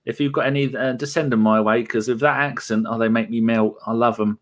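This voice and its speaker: A man's voice: mid-range voice, fairly even intonation, fairly quick. A man hosting a football podcast, joking and teasing his co-hosts in casual banter. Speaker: podcast host.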